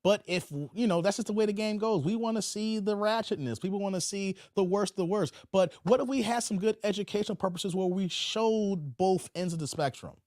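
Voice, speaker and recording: High-voiced man streaming commentary, dry sound. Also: fairly quick, hardly any pauses, darkish tone, dry recording. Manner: preachy, repeats phrases, drawls "man". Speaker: commentary channel host. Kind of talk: livestream commentary.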